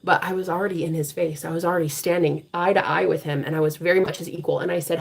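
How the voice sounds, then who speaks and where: A woman hosting a live tarot reading stream, talking bluntly with a lot of profanity and turning preachy and forceful when she drives a point home. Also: lowish voice, quick pace, vocal fry, hardly any pauses, husky. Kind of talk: casual live-stream talk.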